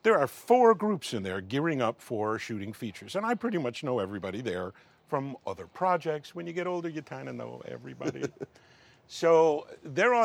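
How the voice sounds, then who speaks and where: Here a middle-aged man's slightly high, brisk voice carries some vocal fry, recorded with no echo. Guesting on an interview as a film professional, he spins a wry anecdote and animatedly acts out the lines.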